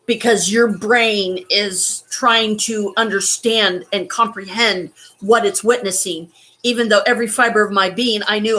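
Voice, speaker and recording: A woman telling a personal story in a halting, shaken way, holding back tears and swearing now and then. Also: mid-range voice, steady tone, sharp tone. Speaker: vlogger.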